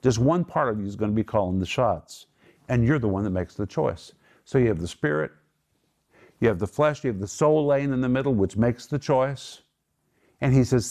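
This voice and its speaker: A man teaches scripture with real emphasis. His voice climbs sharply whenever he quotes a line, and he slows down to stretch out the words he wants to land. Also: medium pitch, expressive, a little mellow. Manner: draws out key words slowly. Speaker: Bible teacher. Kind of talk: Bible teaching.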